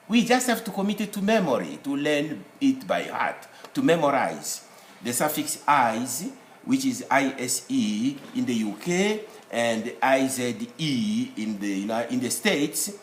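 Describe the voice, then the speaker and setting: A man giving a recorded lesson as a teacher, explaining rules step by step and spelling out the letters of his examples. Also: medium pitch. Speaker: English teacher. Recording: echoey room with faint noise.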